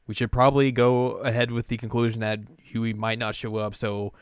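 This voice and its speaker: A man's voice: mid-range voice, little pitch movement, fairly quick, smooth, dry recording, studio quality. A man chatting casually as a podcast co-host, retelling a story animatedly and raising his voice for the characters he quotes. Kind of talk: casual chat recapping an anime.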